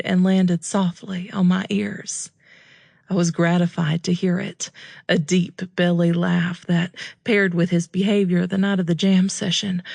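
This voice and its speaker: A woman narrating a first-person romance audiobook in a calm, steady, measured way. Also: lowish voice, creaky, no echo, studio quality.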